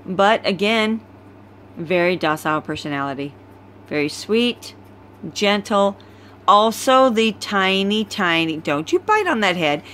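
A woman's voice: medium pitch, animated, fairly bright tone, slight background noise. A tired woman breeder casually presenting a litter of puppies, filmed on a phone at home. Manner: slow, easygoing, chatty. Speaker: dog breeder.

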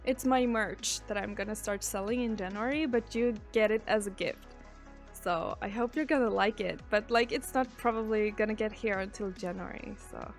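A woman streamer chats casually during a live stream, reading out viewer messages and answering them. Her mid-range voice moves at a moderate pace, with soft music playing in the background.

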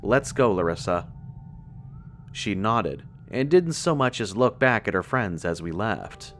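Male horror narrator, steady first-person read, lower voice. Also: measured pace, faint music behind. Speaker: storyteller. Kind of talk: scripted horror story narration.

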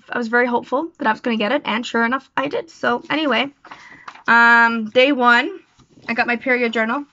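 A woman's voice: fairly high pitch, pushed and bright, dry recording. A young woman talking casually in a personal vlog, rambling and self-deprecating with lots of fillers. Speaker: vlogger. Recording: dull lo-fi sound, dry.

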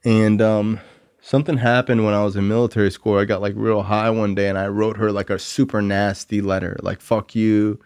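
A man's voice: fairly low pitch, level tone, moderate pace, a little mellow, clear, resonant tone, no echo. A young man in his twenties hosting a podcast, telling a long personal recovery story in a rambling, candid, self-critical way, full of "like" and "um" fillers. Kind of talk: casual storytelling monologue.

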